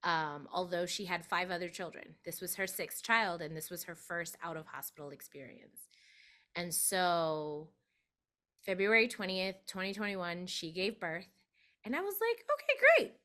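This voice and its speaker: A woman guest, a doula, telling a personal story in a chatty, animated interview manner. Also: a little slow. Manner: animated, acts out quoted voices with big pitch jumps.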